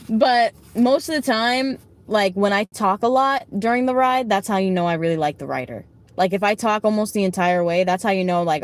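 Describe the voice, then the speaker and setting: A woman in her late twenties chatting casually on a live stream, giving card readings, blunt and swearing freely with quick asides. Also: medium pitch. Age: late 20s. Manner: blunt, heavy swearing, talks back to chat.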